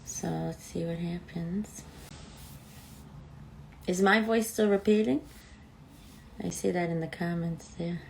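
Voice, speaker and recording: A woman's voice: on the low side, steady tone, slow, gravelly, long pauses, a little hiss or hum, poor audio. A woman hosting a live online talk show, chatting casually and thinking aloud while she waits for her guest, with allergies. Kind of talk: casual live-stream chat.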